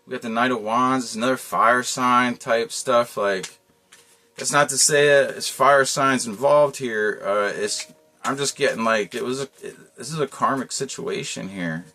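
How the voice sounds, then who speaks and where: A man's voice: medium pitch, unhurried, pushed and bright. A man giving a casual tarot reading, talking in a loose, rambling way with lots of slang and frequent chuckles. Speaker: tarot reader.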